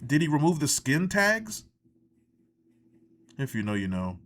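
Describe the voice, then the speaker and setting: A man's voice: on the high side, sing-song, measured pace, fairly bright tone. Indignant, swearing man ranting. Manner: profane, indignant, exasperated. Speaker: wrestling show reviewer. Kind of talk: ranting reaction commentary.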